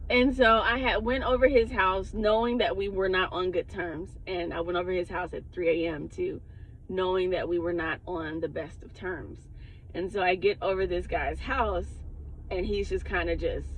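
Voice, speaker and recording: A woman's voice: fairly low pitch, dull audio, slight background noise. A woman who works as a spiritual advisor, telling a personal story in a casual vlog, candid and heavy on the cursing. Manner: profane, candid, laughs often.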